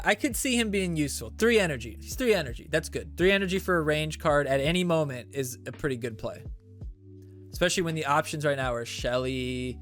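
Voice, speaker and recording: A man's voice: fairly high pitch, fairly bright tone. A man hosting a game stream, chatting casually and reading viewer comments with loose, profane jokes. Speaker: streamer host.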